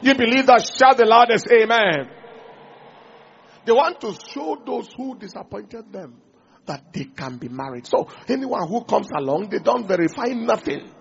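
Preacher, man, high gravelly voice, husky, on a dull lo-fi recording. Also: animated, moderate pace, a bit bright. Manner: preaching, engaging the congregation. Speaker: pastor. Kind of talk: sermon.

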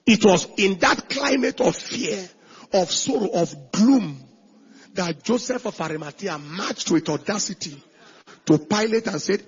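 A male pastor preaching a sermon with emphasis, shifting between shouted lines and hushed asides. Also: high voice, expressive, unhurried, slightly rough, highs cut off.

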